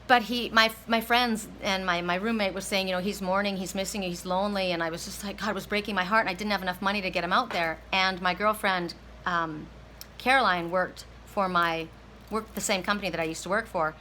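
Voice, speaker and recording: A woman's voice: medium pitch, fairly even intonation, brisk, bright, forceful tone, a little hiss or hum, poor audio. A woman tarot reader telling a personal story, emotional and near tears, often repeating herself and restarting her sentences.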